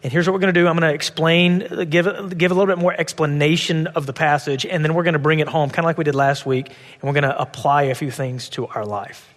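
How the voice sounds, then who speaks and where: A male pastor delivers a sermon in a fairly high voice for a man, often restarting phrases and asking his listeners rhetorical questions. Each phrase trails off into the long reverb of a church hall. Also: fairly even intonation, fast, a bit bright. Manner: repeats words, asks rhetorical questions.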